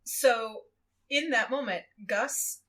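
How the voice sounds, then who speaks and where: A woman guesting on a podcast, recapping a book in casual chat, animated and giggly as she tells it. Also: a little high, takes it slowly. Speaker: guest co-host.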